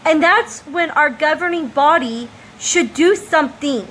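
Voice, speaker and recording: A woman's voice: high voice, a bit bright, slight background noise, poor audio. A woman from the United States speaking an emphatic, impassioned opinion monologue as a vlogger. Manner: impassioned, emphatic, slow deliberate delivery.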